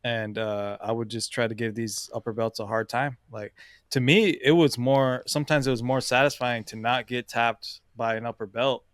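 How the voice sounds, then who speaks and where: A man co-hosting a podcast, telling gym stories in casual chat, animated, swearing and acting out quotes. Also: mid-range voice, normal speed, clean tone, no echo, clean studio sound. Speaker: podcast co-host.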